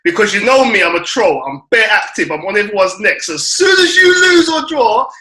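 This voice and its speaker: A young man, a football fan panelist telling a story with excitement, slangy and acting out his own reactions. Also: high voice, brisk. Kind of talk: animated storytelling chat. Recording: roomy studio echo.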